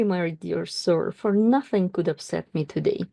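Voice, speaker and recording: A Russian language teacher, herself a native Russian speaker, reads passages from a book aloud and explains them with careful asides. Her low, mellow voice carries a gravelly fry and lively intonation, and she pauses and corrects herself as she goes.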